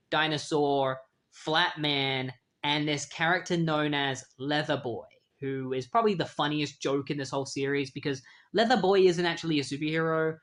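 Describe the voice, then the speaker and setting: Man, comic book host, casual retelling, animated storyteller, slightly high voice. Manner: animated storyteller who acts out characters' lines.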